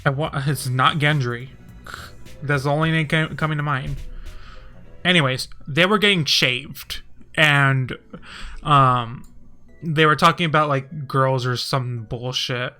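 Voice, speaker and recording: A man streaming casually, rambling and swearing, and getting heated and animated as he talks. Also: medium pitch, measured pace, long pauses, clear, resonant tone. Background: faint music.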